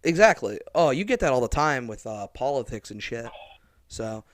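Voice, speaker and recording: Recorded clean in the studio with no room sound, this young podcast co-host talks at normal speed with a mid-range voice. The conversation is casual, and whenever he quotes someone he performs the line loudly, full of energy.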